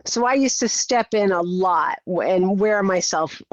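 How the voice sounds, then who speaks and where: A woman's voice: mid-range voice, a little slow, no echo. A middle-aged woman talking as a podcast guest, telling her story with energy and acting out her own thoughts. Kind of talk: conversational interview. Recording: slightly dull, muffled audio.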